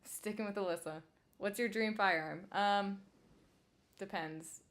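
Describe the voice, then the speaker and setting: Young woman, host, casual chat, hesitant, giggly, mid pitch. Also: a little slow, a bit bright. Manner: giggly, hesitant, lots of fillers. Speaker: channel host.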